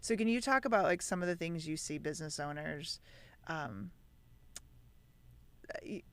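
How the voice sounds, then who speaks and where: A podcast host asking a guest questions in a relaxed, conversational way. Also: mid-range voice, normal speed, slight background noise. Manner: conversational, asks questions with a friendly push. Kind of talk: casual podcast interview.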